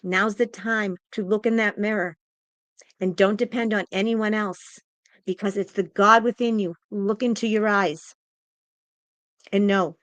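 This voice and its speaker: A woman's voice: medium pitch, fairly even intonation, a little slow, a bit bright, dry recording. A woman psychic giving an impassioned spiritual pep talk, emphatic and repetitive, audibly emotional and close to tears. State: tearful, emotional.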